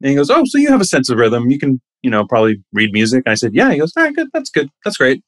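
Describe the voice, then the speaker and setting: Animated man telling a story, dry sound. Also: fast talker, no echo. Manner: animated, acts out quoted voices with big pitch jumps. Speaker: actor guest. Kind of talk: casual anecdotal storytelling.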